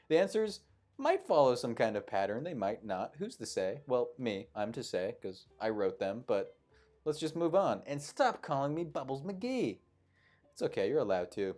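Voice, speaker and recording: A man hosting a live trivia show. He reads each question and then riffs on it with playful, jokey asides, and his pitch swings widely as he talks. Faint background music plays under his voice. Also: a little mellow. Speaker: quiz show host.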